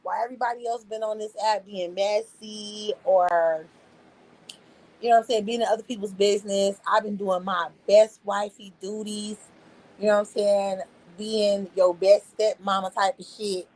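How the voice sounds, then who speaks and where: A woman's voice: medium pitch, fairly even intonation, moderate pace, a little mellow, rough recording. A young adult woman on a casual livestream, speaking in a laid-back, slangy way and talking back to her chat. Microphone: phone.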